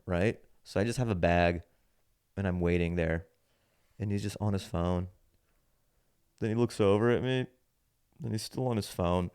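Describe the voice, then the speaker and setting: A man in his thirties, a comedian hosting his podcast, telling a rant-like story in a casual, animated way and acting out other people's lines. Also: low voice, clean tone. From United States. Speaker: podcast host, standup comedian.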